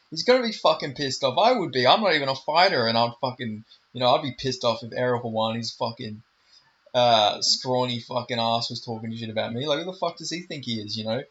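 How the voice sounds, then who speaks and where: A man's voice: a little high, fairly bright tone, lo-fi sound. A man giving a heated, profane casual rant about fighters, full of fillers and swearing. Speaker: MMA commentary YouTuber.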